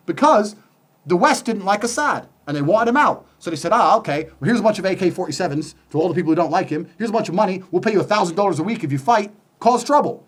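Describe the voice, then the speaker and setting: Guy ranting fast on a podcast, high lively voice, swears a lot. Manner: forceful, swearing, rhetorical questions. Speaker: podcast guest. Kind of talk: heated monologue.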